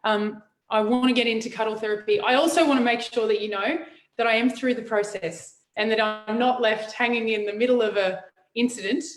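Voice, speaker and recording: A fairly high-voiced woman shares her thoughts frankly, stopping and restarting as she goes. Her voice carries a roomy echo. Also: fairly even intonation. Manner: frank, halting, many restarts. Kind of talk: casual chat.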